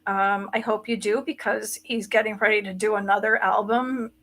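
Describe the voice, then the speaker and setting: A woman's voice: medium pitch, steady tone, moderate pace, fairly bright tone. A woman guest in a casual interview, chatty and joking about herself. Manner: chatty, self-deprecating humor.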